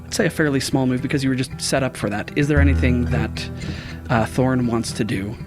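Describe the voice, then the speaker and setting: A man's voice: medium pitch, fairly even intonation, brisk, over music. A man running a tabletop game as game master, narrating earnestly. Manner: earnest, chokes up while narrating.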